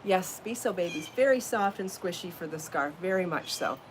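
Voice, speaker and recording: A woman's voice: lowish voice, animated, normal speed, slight background noise. A woman hosting a casual live podcast from home, chatty and bubbly, laughing often as she talks. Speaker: podcast host and crochet designer. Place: home, then out in her garden.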